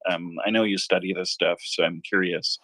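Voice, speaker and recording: A bright-voiced man asking questions hesitantly. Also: low voice, fairly even intonation, moderate pace, dry recording, poor audio. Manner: hesitant, searching for words with many ums. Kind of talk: casual chat.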